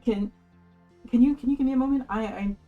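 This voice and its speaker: A woman's voice: on the high side, brisk, mellow, far from the mic, lo-fi sound, soft background music, lightly acted. A woman voicing a nervous young woman crew grunt who stammers and apologizes. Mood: flustered.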